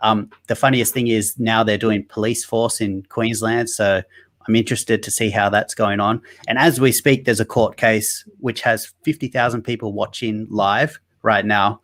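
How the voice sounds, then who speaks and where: Nasal Australian man, low voice. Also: a bit bright. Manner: joking, rambling, many fillers and restarts. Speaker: guest, online activist. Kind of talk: casual interview over a video call. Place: Sydney.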